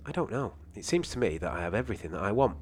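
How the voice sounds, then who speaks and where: A man's voice: lowish voice, very animated, racing, slight background noise, pitched above the performer's own voice. A man voicing a nervous old father with a shaky, startled way of talking. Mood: hesitant.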